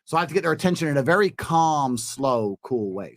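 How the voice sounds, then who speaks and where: A man on a podcast explaining dating advice to a panel, emphatic and coaching, dropping into a calm low voice to act out his lines, recorded on a studio mic. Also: brisk. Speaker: podcast guest. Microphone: studio microphone.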